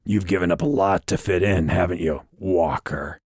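A man voicing a grinning, inhuman winged creature with claws, speaking in a slow, low, menacing murmur. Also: a little mellow, slightly rough, no room sound, clean studio sound. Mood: menacing calm.

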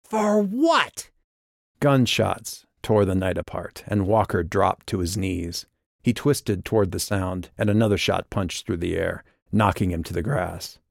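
A man narrating an audiobook in a measured, steady way. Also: sits low, creaky, dry recording, studio quality. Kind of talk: scripted narration.

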